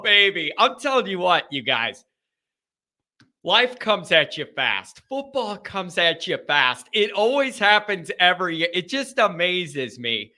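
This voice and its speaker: Male stream host, high and bright, folksy energetic chat, faint music behind. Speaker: live-stream show host. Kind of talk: casual live-stream chat.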